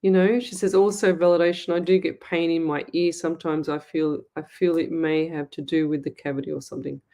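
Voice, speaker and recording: A woman's voice: sits low, little pitch movement. Chatty Australian woman hosting a live show. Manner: chatty and warm, reads comments aloud, quick asides. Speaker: psychic medium show host. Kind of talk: live-streamed chat reading viewer comments.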